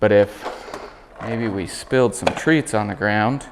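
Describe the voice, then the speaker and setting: A man working as a dog trainer, calmly explaining commands while demonstrating them with his dog. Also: measured pace, big-room sound, heavy background noise. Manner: calm explaining, high praise voice for dog. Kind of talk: instructional demonstration.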